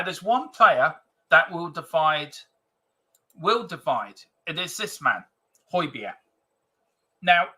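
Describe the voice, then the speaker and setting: A man's voice: fairly high pitch, bright, forceful tone. A man from England, hosting a casual live stream, chatting and reading out viewer comments with hesitant restarts. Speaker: fan channel host.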